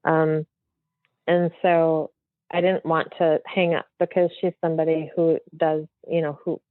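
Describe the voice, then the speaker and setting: A woman's voice: low voice, flat delivery, a little slow, no room sound. A woman guest telling a story in a casual interview, rambling and chatty with lots of fillers, heard over a remote call. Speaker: guest medium. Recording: dry, thin phone-like audio.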